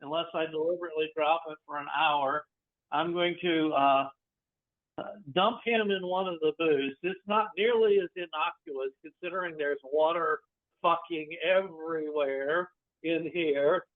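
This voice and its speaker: A man playing a tabletop game who thinks out loud eagerly. His voice is a little higher than usual. It comes through a thin, phone-like line. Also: measured pace. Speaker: player.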